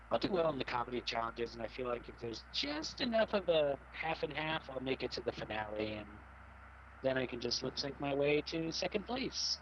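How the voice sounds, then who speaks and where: A man's voice: mid-range voice, a bit bright, a little hiss or hum. Chatty young man, slightly muffled mic. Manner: chatty, rambling, opinionated. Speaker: co-streamer. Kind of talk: casual chat.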